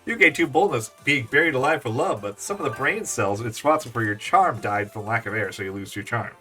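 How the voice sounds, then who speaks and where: A man's voice: mid-range voice, lively intonation, fairly quick, pushed and bright. A man streaming a dating game, reading the text aloud with laughing, swearing asides. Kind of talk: game let's-play reading and voicing. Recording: distant mic with faint game music.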